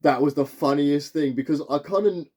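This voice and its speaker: A man, a vlogger telling rambling, animated stories to his viewers and chuckling as he goes. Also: on the high side, normal speed. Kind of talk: casual storytelling to camera.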